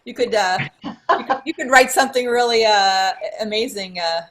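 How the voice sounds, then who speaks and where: A woman's voice: fairly high pitch, moderate pace, fairly bright tone. A woman co-host asking questions hesitantly, with many fillers. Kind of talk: casual interview chat.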